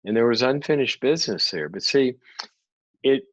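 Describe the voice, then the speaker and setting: A man giving a conversational teaching talk, an animated storyteller who acts out the people he quotes. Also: mid-range voice, moderate pace, dry recording, highs cut off. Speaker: psychologist and speaker.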